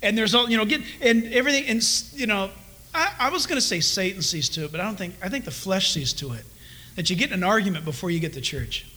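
A man preaching a Bible study sermon in an animated way, asking his listeners questions and acting out the people he quotes. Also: high voice, fast. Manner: animated, asks the congregation questions, acts out quoted voices. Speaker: pastor. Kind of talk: expository sermon.

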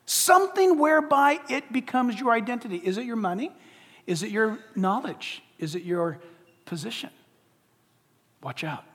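A man's voice: very high-pitched, expressive, moderate pace, a bit bright. A man preaching a sermon from the pulpit as pastor, emphatic and full of rhetorical questions. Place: church sanctuary. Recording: long church hall reverb.

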